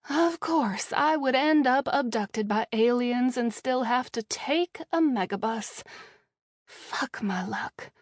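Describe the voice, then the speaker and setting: A woman narrating a first-person audiobook with a wry, measured delivery, recorded close in a studio booth. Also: fairly high pitch, no room sound.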